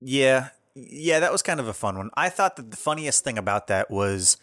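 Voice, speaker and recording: A man's voice: medium pitch, normal speed, no echo, studio quality. A man co-hosting a podcast in casual chat, animatedly retelling scenes. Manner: animated retelling with playful quoted voices. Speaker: podcast co-host.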